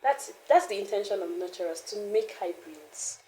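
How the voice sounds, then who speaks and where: Woman guest, candid storyteller, laughs often, lively delivery, mid-pitched, roomy echo. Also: normal speed. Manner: animated, laughs often, trails off and restarts. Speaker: founder of a mothering community, interview guest.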